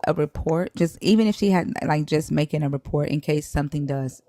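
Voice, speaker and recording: A woman's voice: low voice, a little fast, warm tone, dry recording, clean studio sound. A woman hosting a live stream, talking bluntly and frankly in casual chat, with restarts.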